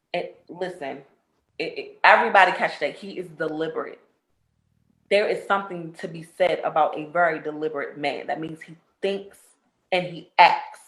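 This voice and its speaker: A woman's voice: low-pitched, a bit bright, echoey room. A woman co-host giving an affectionate farewell speech, laughing between lines. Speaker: talk show co-host.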